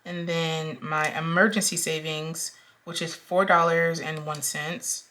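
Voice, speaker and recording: Slow, low-voiced young woman vlogger. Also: little pitch movement, background noise. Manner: slow, chatty, with frequent ums and counting aloud. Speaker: budgeting vlogger. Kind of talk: casual talk-through while cash stuffing.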